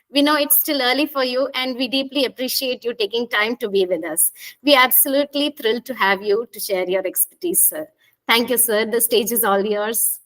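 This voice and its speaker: A woman's voice: fairly high pitch, fairly bright tone, rough recording. A woman hosting an online session, reading a formal introduction of a guest speaker in a polite manner. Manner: polite, formal, reads from a script. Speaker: host.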